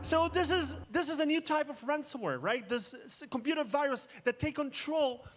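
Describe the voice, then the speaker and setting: High-voiced man telling jokes on stage. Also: normal speed. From Israel. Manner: jokey, dramatic storytelling. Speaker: conference speaker. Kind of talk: keynote talk. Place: outdoor festival main stage.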